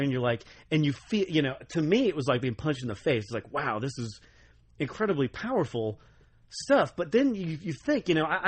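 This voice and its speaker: A man with a somewhat high voice chats casually as a podcast co-host. He tells his stories with animation and lively jumps into other people's voices. He sounds like a young adult. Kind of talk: casual chat.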